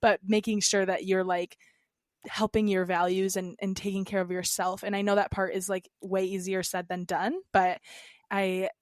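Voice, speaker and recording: A woman's voice: mid-range voice, flat delivery, normal speed, no room sound, studio quality. A young adult woman, a podcast guest, talking casually in a rambling way full of "like" fillers. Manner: rambling, heavy use of "like" fillers. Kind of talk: casual interview chat.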